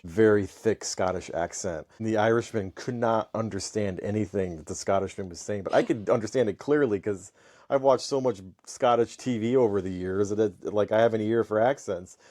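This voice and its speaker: Deep-voiced American man co-hosting a podcast. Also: a little mellow. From United States. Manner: reads out listener questions and explains at length. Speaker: podcast co-host. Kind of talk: casual chat.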